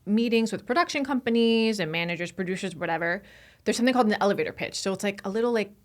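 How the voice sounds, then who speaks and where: A woman comedian chatting as a podcast guest in a studio, playful and joking. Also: mid-range voice. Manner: playful, joking, quick to laugh. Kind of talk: casual chat.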